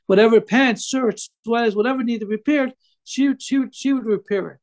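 A man with a high voice that is full of gravelly fry gives an informal religious class. He tells his story haltingly, stumbling over restarts and filling pauses with "um" and "like.". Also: darkish tone. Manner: halting, many fillers and restarts. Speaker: Torah teacher telling a story.

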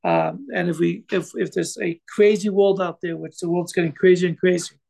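A man with a high voice that is full of gravelly fry gives an informal religious class. He tells his story haltingly, stumbling over restarts and filling pauses with "um" and "like.". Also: fairly even intonation, a little mellow. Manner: halting, many fillers and restarts. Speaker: Torah teacher telling a story.

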